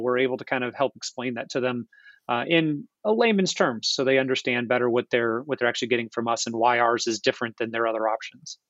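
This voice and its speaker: A man's voice: mid-range voice, a bit bright, dry recording, highs cut off. A man, an internet provider's founder and CEO, answering interview questions in an earnest, explanatory way with frequent restarts. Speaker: ISP founder and CEO, guest. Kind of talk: casual podcast interview answers.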